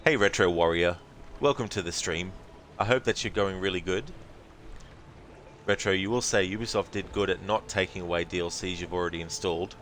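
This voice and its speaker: Laid-back low-voiced Australian streamer. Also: male voice, brisk, a little hiss or hum. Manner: relaxed, chatty, many fillers. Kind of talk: casual gaming commentary.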